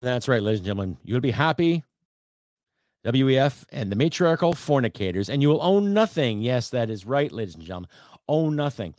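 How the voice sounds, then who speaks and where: A man's voice: medium pitch, very animated, fairly quick, a little mellow, dry recording. Man, from Canada, podcast host, ranting, sarcastic, swears, dry close sound.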